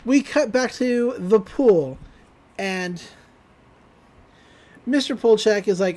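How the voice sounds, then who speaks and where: Casual podcast co-host, chatty and loose, recapping plot with fillers and quick laughs. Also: mid-range voice, a little mellow. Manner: rambling, quotes characters with "he's like"; frequent fillers, laughs while recounting. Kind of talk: casual chat.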